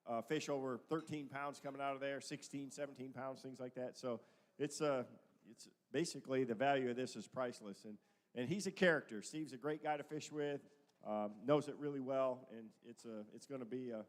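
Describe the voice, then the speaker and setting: A man at a live event casually describing an auction item, relaxed and halting with fillers. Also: mid-range voice. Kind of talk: casual presentation. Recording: long hall reverb.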